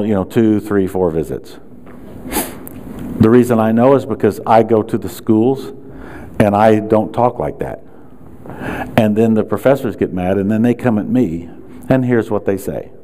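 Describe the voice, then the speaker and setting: A man's voice: on the low side, mellow. A man speaking to a room of chiropractors at a seminar, firing rhetorical questions and sarcastic asides.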